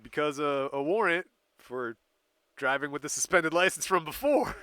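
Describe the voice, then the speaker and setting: A man's voice: on the high side, lively intonation, moderate pace, a bit bright, clear, resonant tone, no echo. A man hosting a podcast, telling a crime story in casual chat and laughing often as he reads out dates and places. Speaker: podcast host.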